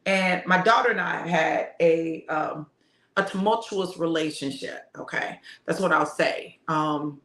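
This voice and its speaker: Speaking unhurriedly in a deep, fairly bright voice, a middle-aged woman preacher relates a family story with heartfelt casualness and frequent laughter. The casual motivational talk is recorded with a roomy echo.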